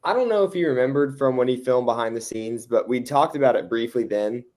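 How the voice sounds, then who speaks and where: A man speaking as a podcast guest in a relaxed, conversational way while recounting a story. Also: mid-range voice, fairly quick. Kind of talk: casual chat.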